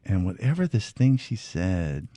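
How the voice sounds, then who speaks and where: A man's voice: low-pitched, a little slow, no echo. A middle-aged man chatting as a guest, telling stories and acting out quotes in a raised voice. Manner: animated storyteller, acts out quotes in a raised voice. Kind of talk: casual chat.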